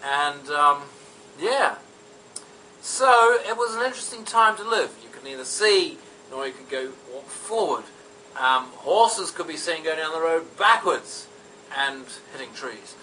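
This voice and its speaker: A man's voice: a little high, bright, forceful tone. A man telling an absurd mock-history story in a rambling, meandering way, full of ums and asides, recorded from a distance. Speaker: comedic storyteller. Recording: distant mic with faint background noise.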